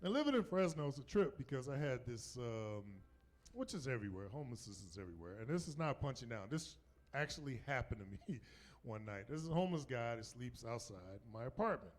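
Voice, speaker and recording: A man's voice: mid-range voice, sing-song, fairly quick. A man in his fifties from North Carolina with a Southern accent, doing a loose, conversational stand-up set on a club stage, often asking "right?" and laughing at his own jokes. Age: 50s. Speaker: stand-up comedian. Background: audience laughter.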